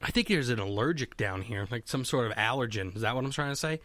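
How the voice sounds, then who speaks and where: Rambling young man, lively voice. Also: mid-range voice, fast talker, no room sound. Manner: rambling, swearing, self-mocking. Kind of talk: casual solo monologue. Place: home basement.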